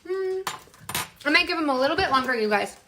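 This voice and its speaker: A woman with a bright, high voice hosts a live cooking stream from her home kitchen. She chats loosely with viewers, reads their names aloud and talks to herself as she works. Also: expressive, brisk, a little hiss or hum. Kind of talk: casual live-stream chat while cooking.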